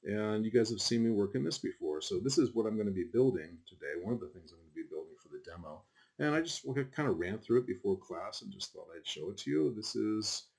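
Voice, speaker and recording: A very low-pitched man gives a relaxed screen-recorded lecture to his class. He rambles, drifts into asides and fills gaps with ums and likes. Keyboard typing can be heard now and then behind him. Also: fast talker, vocal fry, breathy edge. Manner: casual, rambling, with frequent fillers and asides. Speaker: college instructor.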